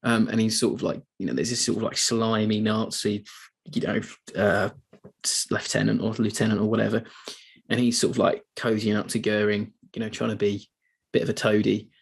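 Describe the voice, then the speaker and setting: A man hosts a casual film podcast in a slightly husky voice. He rambles loosely and leans on lots of fillers as he talks. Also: lowish voice, flat delivery, a little fast. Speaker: podcast host.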